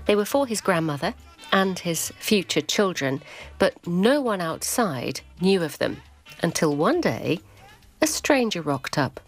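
A woman presenting and narrating a documentary in a measured way. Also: on the low side, very animated, faint music behind. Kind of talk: scripted narration.

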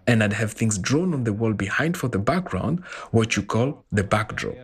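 A man voicing a translated interview, telling his story in an animated way. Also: on the low side, moderate pace. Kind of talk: voiced-over translation.

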